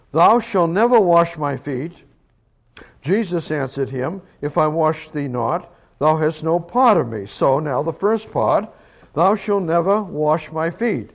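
A man teaching a verse-by-verse Bible sermon, slow and emphatic, repeating words as he explains. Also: on the high side, darkish tone. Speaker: preacher.

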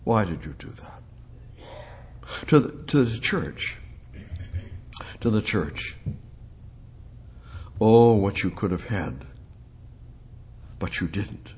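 A male preacher delivering a sermon, asking rhetorical questions and building up to emphatic, high-pitched peaks. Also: lively intonation, takes it slowly, pauses often, a little mellow, breathy edge.

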